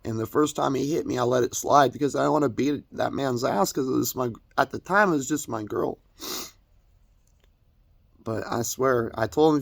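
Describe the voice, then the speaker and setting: A young man pours out a tearful, rambling confession, stumbling over his words and swearing often. His voice is gravelly, with a rough fry, and sits at an ordinary pitch. The sound is dry and close, with no room around it. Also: normal speed, no room sound. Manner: rambling, stammering, profane, tearful. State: crying. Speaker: vlogger. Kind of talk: emotional personal confession.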